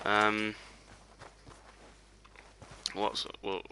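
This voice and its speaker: This time the game streamer sounds lowish and monotone, drawing out his words in a bright, forceful tone against a little hiss or hum. He still rambles casually, full of "you know" and "um," and nearly whispers when creeping up on game.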